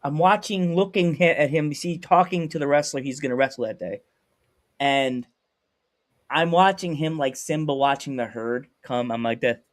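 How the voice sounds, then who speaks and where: A man hosting a podcast over a video call, telling stories in a lively way and acting out what people said. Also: a little high, moderate pace. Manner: animated storyteller acting out quotes. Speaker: podcast host. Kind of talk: casual storytelling chat.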